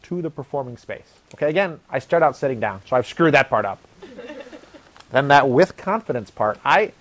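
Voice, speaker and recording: A man's voice: mid-range voice, lively intonation, normal speed, fairly bright tone. A man hosting his own show, talking in a casual, rambling, self-deprecating way and acting out what people say. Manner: acts out quoted voices. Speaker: host.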